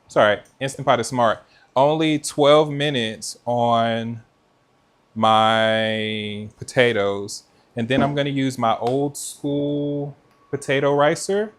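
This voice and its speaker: A man hosts a live cooking stream from a kitchen in a relaxed, chatty way, turning to his viewers and reading out their comments as he works. His voice sits at an ordinary middle pitch. He speaks into a mic with noise cancellation. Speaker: cooking livestream host. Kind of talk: casual live chat while cooking.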